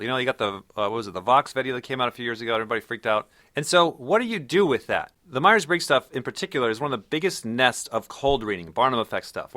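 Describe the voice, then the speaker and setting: A man's voice: medium pitch, bright, forceful tone. A man giving a casual, blunt lecture, swearing freely and acting out the people he quotes. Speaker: personality typing instructor.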